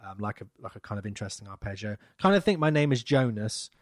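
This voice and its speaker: A man, chatting casually as a podcast co-host, rambling and trailing off softly. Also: on the low side, lively intonation, quick pace, no echo, clean studio sound. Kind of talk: casual chat.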